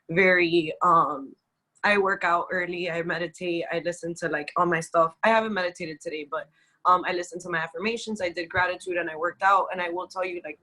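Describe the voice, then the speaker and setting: Chatty Cuban woman with a bright voice. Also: fairly low pitch, low-quality recording. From Cuba. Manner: chatty, many fillers like "like" and "um". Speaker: guest being coached. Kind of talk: casual chat.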